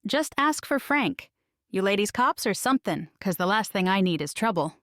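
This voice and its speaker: A gruff, gravel-voiced delivery driver, played by a woman, wary and defensive as he mutters his answers. He is heard in a dry audiobook reading with no room sound. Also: animated, normal speed, fairly bright tone, no room sound. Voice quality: low gravelly voice.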